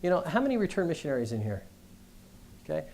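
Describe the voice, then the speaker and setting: Mellow-voiced middle-aged man giving a talk. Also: on the high side, fast, vocal fry. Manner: conversational storytelling, animated. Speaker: guest speaker. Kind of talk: business school address.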